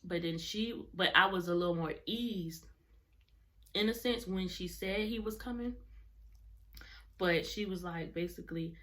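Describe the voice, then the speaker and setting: A woman's voice: fairly low pitch, unhurried, long pauses, a bit bright. A young adult woman vlogger telling a personal story in casual, rambling talk, often correcting herself mid-sentence. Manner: rambling, self-correcting, colloquial.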